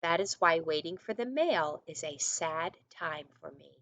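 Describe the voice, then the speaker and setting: A woman's voice: sits low, expressive, a little slow, fairly bright tone, exaggerated voice. Toad, a woman reading a glum shy toad. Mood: gloomy. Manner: plaintive, mopey storybook reading. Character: shy, gloomy young male toad.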